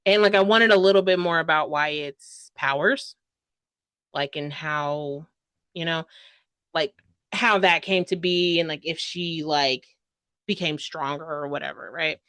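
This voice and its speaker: Deep, a bit bright and a little slow, this young woman's voice carries a casual book review with no room sound. She's gushing and dramatic, rambling through asides and leaning heavily on the filler "like."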